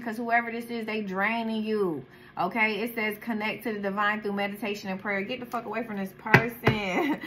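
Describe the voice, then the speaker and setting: A woman's voice: on the high side, noisy background. A woman with a daughter doing a casual tarot reading, talking bluntly with heavy slang and profanity. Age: adult, has a daughter. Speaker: tarot card reader.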